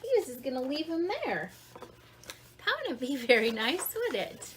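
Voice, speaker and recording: A woman reading a children's storybook aloud in an interactive read-along, animated, asking the listener questions and explaining words simply. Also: sits high, normal speed, a little hiss or hum.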